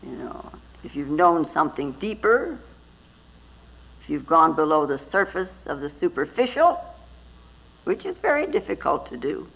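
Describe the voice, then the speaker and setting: Raspy woman giving a Zen talk. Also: sits low, big pitch swings, a little slow, long pauses, fairly bright tone, poor audio. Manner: storytelling with frequent tag questions. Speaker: Zen teacher. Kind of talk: dharma talk.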